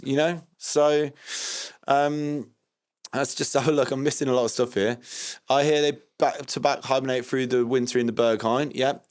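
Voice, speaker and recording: A man hosting a livestream, rambling in a deadpan way with lots of ums and restarts. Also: mid-range voice, normal speed. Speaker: livestream host doing a comedy DJ character. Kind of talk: deadpan improvised livestream comedy.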